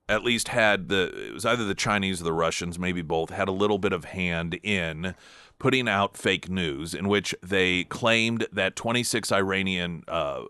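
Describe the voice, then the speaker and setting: Emphatic talk radio host, low voice. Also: male voice, sharp tone, smooth, dry recording, studio quality. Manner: emphatic, combative, with sarcastic asides. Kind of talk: political talk radio monologue.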